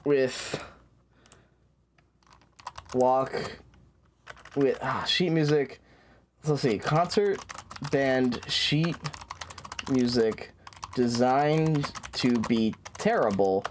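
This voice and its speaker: A man's voice: medium pitch, very slow, long pauses, a little hiss or hum. A man streaming a game, chatting casually and rambling with lots of fillers, restarts and swearing.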